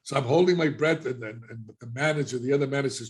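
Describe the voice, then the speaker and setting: A middle-aged man recounting his past in a relaxed podcast conversation. He tells it with lively energy, jumping into other people's voices as he quotes them. His voice sits in a mid range. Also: mid-range voice, a little fast. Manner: animated storyteller, acting out quoted voices. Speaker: guest. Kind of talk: casual storytelling.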